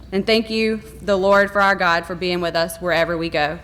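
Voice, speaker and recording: A woman's voice: lowish voice, level tone, normal speed, hardly any pauses, a bit bright. A woman principal giving a heartfelt, rambling award acceptance speech to a gala audience. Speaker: elementary school principal. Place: gala hall in front of an audience.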